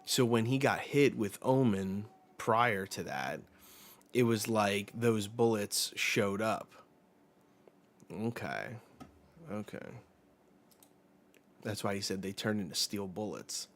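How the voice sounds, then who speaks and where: Slow, low-voiced blunt male host. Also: expressive. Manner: blunt and profane; summarizes panels aloud. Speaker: manga reaction host. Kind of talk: live manga chapter reaction.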